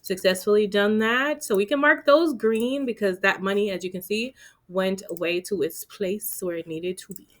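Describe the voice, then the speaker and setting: A woman's voice: mid-range voice, normal speed, a bit bright. A woman talking casually to viewers while doing her budget, chatty and playful with asides to herself. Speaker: budgeting vlogger. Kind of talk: casual talk-through of budgeting.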